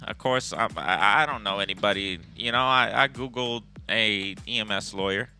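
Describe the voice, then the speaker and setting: A man's voice: on the low side, moderate pace, pushed and bright, soft background music. A man, an EMS worker and instructor, telling a story on a podcast in a blunt, profane, street-smart way.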